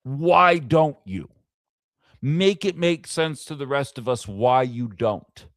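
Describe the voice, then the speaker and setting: A man's voice: mid-range voice, animated, slow pace, no room sound, clean studio sound. A man hosting a live-streamed political commentary show, making his case with a string of heated rhetorical questions. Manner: impassioned, fires off rhetorical questions.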